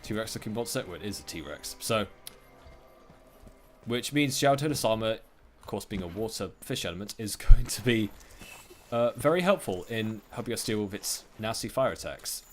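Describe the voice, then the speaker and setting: A man's voice: lowish voice, expressive, normal speed, soft background music. A man hosting a let's-play, chatting casually over his gameplay with plenty of fillers and restarts. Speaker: gaming let's-play host. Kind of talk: casual game commentary.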